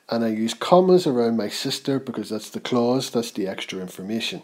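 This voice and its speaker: A man teaching a grammar lesson, reading example sentences slowly and with emphasis. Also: medium pitch, sing-song, darkish tone. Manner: slow, clear, reads example sentences aloud with emphasis.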